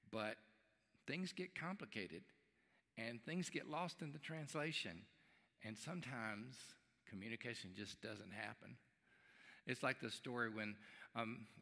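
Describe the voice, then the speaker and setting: A man's voice: mid-range voice, bright, forceful tone. A male pastor preaching a sermon at a live church service, telling a folksy joke and acting out its voices. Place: church sanctuary. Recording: live church stream with long hall reverb.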